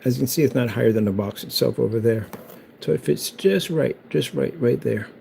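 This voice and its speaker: A man's voice: mid-range voice, fairly quick, gravelly, darkish tone, slight background noise, poor audio. A man chatting casually as he shows off a do-it-yourself build, rambling and hyping it up. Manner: hyped, rambling, self-promoting. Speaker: DIY builder.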